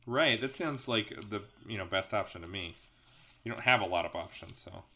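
Man, podcast host, gamebook narrator, bright forceful tone, laid-back, wry. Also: fairly low pitch, normal speed, gravelly. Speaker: podcast host and game master. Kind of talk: reading a gamebook aloud, casual banter.

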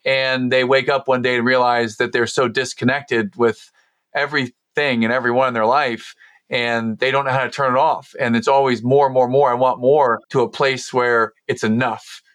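A male podcast host speaks in a reflective, measured way and lingers on key words. His voice sits at a middle pitch. The sound is dry and close, with no room echo. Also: level tone, a bit bright. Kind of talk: conversational podcast talk.

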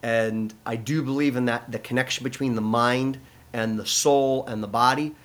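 In an interview testimony, a middle-aged man from the U.S. shares his personal story with the sincerity of a pastor. He talks at a moderate pace in a steady, slightly bright mid-range voice, often breaking off to begin a thought again and leaning on plenty of fillers.

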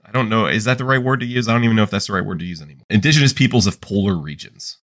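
Low-voiced man recapping wryly. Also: very fast, fairly bright tone. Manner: recapping, wry. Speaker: podcast co-host. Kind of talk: casual chat.

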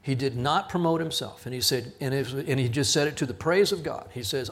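A man's voice: mid-range voice, fairly quick, hardly any pauses. A middle-aged man, teaching a Bible study as a sermon, telling stories and acting out the people in them with a raised voice. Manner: storytelling, quotes others in raised voice, chuckles at himself.

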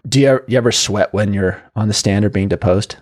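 A man hosting a medical podcast, an emergency physician who chats casually and tells self-deprecating stories from his work with animated energy. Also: on the low side, fast talker. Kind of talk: casual chat, anecdotal storytelling.

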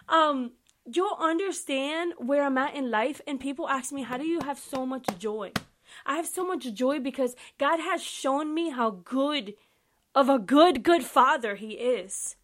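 A young woman hosting a podcast, reading the Bible aloud and commenting on it in a casual, emphatic, chatty way, talking straight to her listeners. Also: high voice. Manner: animated, emphatic and chatty, addressing listeners directly. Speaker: podcast host.

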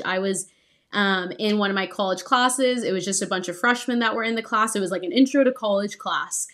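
A young adult woman co-hosting a podcast tells a personal story earnestly and with animation, peppering it with "um" and "like." Her voice is mid-range.

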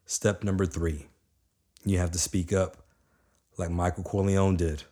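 A young adult man giving a motivational talk in an energetic, conversational way, repeating lines for emphasis. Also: deep voice, a little slow, pauses often. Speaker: motivational speaker.

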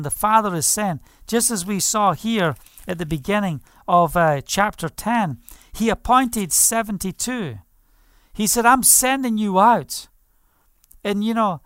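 A man's voice: on the high side, a bit bright, dry recording, studio quality. A man pastor preaching a passionate sermon, declaring over property and leading prayer.

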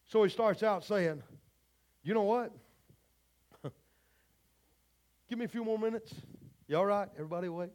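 A pastor with a high, darkish voice preaches at a moderate pace, pausing often. At a church service, he addresses his congregation in a fervent, folksy manner, speaking directly to the people in the pews.

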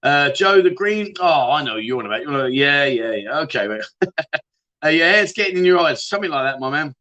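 A man's voice: on the high side, expressive, a little fast, sharp tone, muffled recording. A middle-aged man hosting a casual livestream, reading out viewer comments and bantering with them in a chatty, jokey way. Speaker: livestream host.

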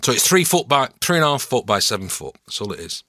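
A middle-aged man with a Mancunian accent, telling stories as a podcast guest in a relaxed, self-mocking way. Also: medium pitch, fast, no echo, studio quality. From Manchester, England. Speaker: guest actor and voice-over artist. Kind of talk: casual podcast chat.

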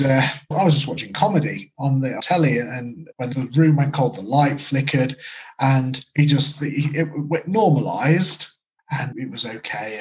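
A man's voice: medium pitch, slight background noise, poor audio. A man, a medium and paranormal investigator, telling his story in a casual, rambling way during an interview. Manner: casual, rambling, full of "sort of" and "like".

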